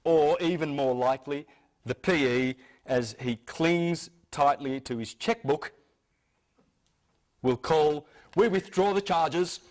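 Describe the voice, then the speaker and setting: A man's voice: fairly high pitch, slow pace. A man giving a lecture to an audience, speaking emphatically and insistently, often restarting his sentences.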